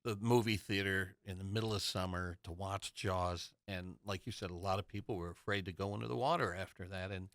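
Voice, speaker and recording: Lowish voice guy, crisp and bright, dry close mic, keen on movie trivia stories. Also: steady tone, fairly quick, few pauses, no echo. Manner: enthusiastic storyteller, retells film trivia anecdotes. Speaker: podcast co-host. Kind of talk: casual movie chat.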